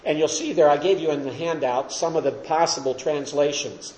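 A man's voice: on the high side, fairly quick, a little mellow. A man teaching a Bible study class, explaining verses and asking his listeners questions as he lectures. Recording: roomy echo.

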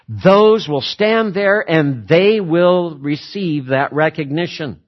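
A man preaching a sermon, emphatic, repeating words for stress and switching between slow, weighty phrases and quick runs. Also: on the high side, lively intonation, lo-fi sound. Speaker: pastor.

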